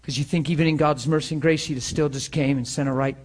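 A man's voice: a little high, steady tone, fast talker. A man, a pastor, giving an informal sermon to students in a room and online, telling personal stories in an earnest, conversational way before closing in prayer. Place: room with students present, also streamed online.

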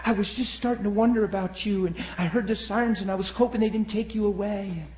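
A man's voice: high-pitched, steady tone, fast talker, a little mellow, pitched above the performer's own voice, lightly acted. A man voicing his worried young daughter, who speaks in an anxious, pleading way. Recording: echoey room.

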